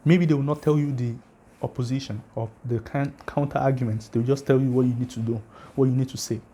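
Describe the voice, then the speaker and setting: A man's voice: mid-range voice, fairly even intonation, brisk, dark tone, husky. A man hosting a religious channel, lecturing casually to viewers with emphatic, challenging arguments and rhetorical questions. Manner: addresses viewers directly, asks for comments.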